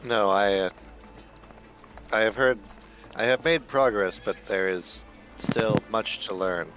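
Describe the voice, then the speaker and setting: A man's voice: fairly low pitch, slow pace, fairly bright tone, soft background music. A man voicing an earnest young traveler who speaks formally and hesitantly. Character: earnest young male traveler returning to a temple. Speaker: player. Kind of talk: in-character tabletop roleplay.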